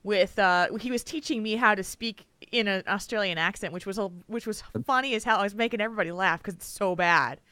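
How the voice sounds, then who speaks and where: A woman co-hosting a casual podcast chat, animated and quick to laugh, sounding tired from a cold. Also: mid-range voice, no room sound. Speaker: podcast co-host.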